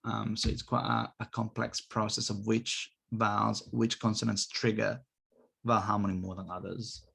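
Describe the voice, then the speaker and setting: Male linguistics lecturer, gravelly and a little husky, middle pitch, patient and methodical. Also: level tone, a bit bright. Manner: explanatory, repeats example words slowly to demonstrate sounds. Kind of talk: recorded academic lecture. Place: university.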